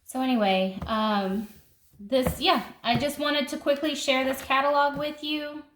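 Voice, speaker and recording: This gardening vlogger's voice sits high and a bit bright, with fairly even intonation and an unhurried pace. She chats enthusiastically while flipping through a seed catalog and thinking aloud, in an echoey room with faint noise.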